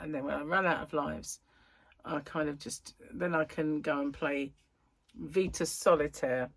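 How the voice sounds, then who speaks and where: A woman chatting casually to her viewers from home, a bit croaky and tired, rambling and correcting herself as she goes. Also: fairly low pitch, no room sound. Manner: rambling, chatty, self-interrupting. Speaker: crochet vlogger. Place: at home, indoors.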